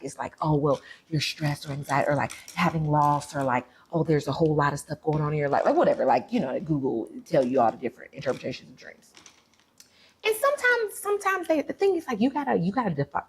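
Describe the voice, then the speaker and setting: A woman vlogger telling a story to her viewers in a chatty, animated way, full of fillers. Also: very deep voice, slight background noise.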